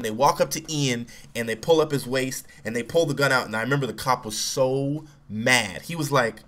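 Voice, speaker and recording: A young man telling a personal story in a relaxed, casual way, acting out quotes loudly. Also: fairly high pitch, a little fast, hardly any pauses. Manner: relaxed, acts out quotes with raised voice.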